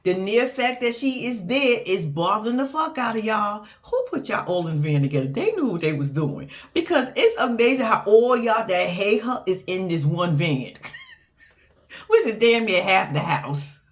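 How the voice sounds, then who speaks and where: Woman, reality show recap vlog, casual, profane, laughs a lot, swoopy expressive pitch. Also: measured pace. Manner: animated, profane, laughs often, acts out quotes.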